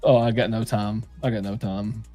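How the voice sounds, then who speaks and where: A man's voice: lowish voice, little pitch movement, normal speed, dark tone, no room sound, soft background music. Profane, joking man on a livestream. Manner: loose, profane and jokey. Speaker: co-host of a live bourbon stream. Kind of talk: casual livestream chat.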